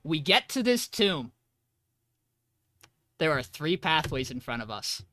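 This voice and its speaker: Bright-voiced man recapping a game. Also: fairly high pitch, slow pace, slight background noise. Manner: lively retelling, acting out quoted lines. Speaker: podcast co-host. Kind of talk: casual storytelling recap.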